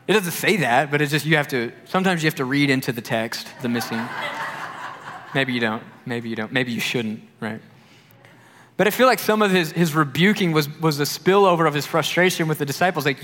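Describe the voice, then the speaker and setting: A man pastor preaches in a relaxed, storytelling manner, slipping into other people's voices to act out what they say. His voice sits somewhat high for a man. A long hall reverb trails behind each phrase, as if in a church sanctuary. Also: fairly quick. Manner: conversational storytelling, acts out quotes. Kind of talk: sermon.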